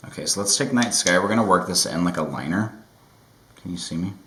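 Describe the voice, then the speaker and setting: Low-voiced man chatting through a makeup tutorial. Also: a little fast, echoey room, poor audio. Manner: relaxed, rambling, self-deprecating asides. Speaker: makeup vlogger.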